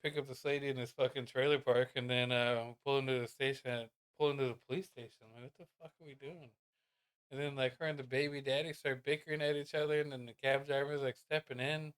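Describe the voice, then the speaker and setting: A man's voice: medium pitch, level tone, fast, hardly any pauses, clear, resonant tone. A laid-back man chatting casually on a podcast, swearing and chuckling along. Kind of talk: casual conversation.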